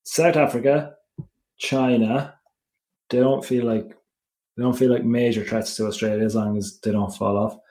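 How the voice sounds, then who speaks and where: A woman's voice: a bass voice, steady tone, brisk, mellow. Female podcast co-host, playful and teasing, casual chat.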